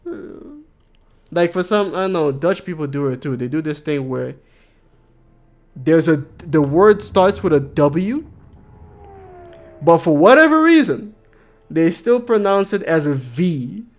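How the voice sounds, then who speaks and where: A man's voice: a little high, lively intonation, unhurried, long pauses. A man chatting casually on a game stream, rambling and joking and reading out chat messages. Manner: rambling, jokey, reads chat aloud.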